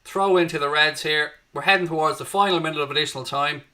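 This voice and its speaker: Speaking fast in a sharp, high-ish voice, this Irishman runs a live fan watchalong. He's chatty, greeting viewers, reading out their messages and calling the match, and he perks up when something happens on the pitch.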